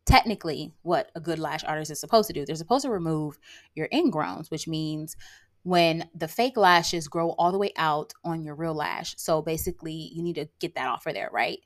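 A woman's voice: low voice, normal speed. A woman hosting her own podcast in a casual monologue, sassy and emphatic, constantly checking in with "okay?" and "like". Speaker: podcast host; lash artist and brow tattooer. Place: rural area.

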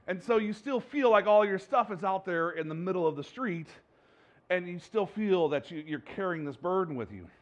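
A pastor giving a sermon in a conversational, rambling way, with many fillers and restarts and a joking, self-deprecating manner. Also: male voice, high-pitched, lively intonation, moderate pace, muffled recording. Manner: self-deprecating, jokes with the congregation.

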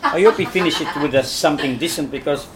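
A man with an Italian accent, chatting in a relaxed way and laughing easily as a contestant. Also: on the high side, quick pace, a crowd in the background. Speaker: front of house staff, contestant. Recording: loud noisy room.

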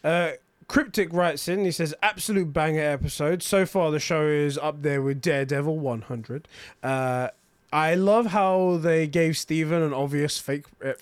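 A man's voice: fairly high pitch, fairly even intonation, unhurried, clear, resonant tone, dry recording. A British man co-hosting a podcast, joking around animatedly and swearing for emphasis while reading comments. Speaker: podcast co-host. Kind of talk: casual chat, reading viewer comments.

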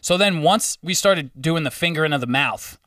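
A man's voice: a little high, animated, moderate pace, fairly bright tone, no room sound, clean studio sound, distant mic. A man telling a story in casual, profane podcast chat. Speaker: podcast co-host.

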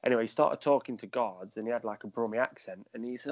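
A man's voice: medium pitch, fast, hardly any pauses, dry recording. A man, a footballer guest on a podcast, rambling through anecdotes and laughing as he tells them. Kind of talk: casual storytelling. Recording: dull lo-fi dry sound.

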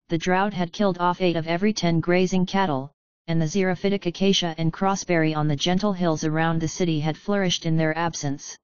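A woman narrating a story in a steady, even reading voice. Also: fairly low pitch, clear, resonant tone, no echo, highs cut off. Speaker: audiobook narrator. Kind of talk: scripted narration.

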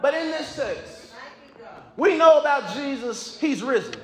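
High-voiced whooping preacher in a hall. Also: male voice, expressive, measured pace. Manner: whooping, shouting call-and-response preaching. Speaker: pastor. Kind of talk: sermon. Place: large church sanctuary. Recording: very echoey hall with crowd.

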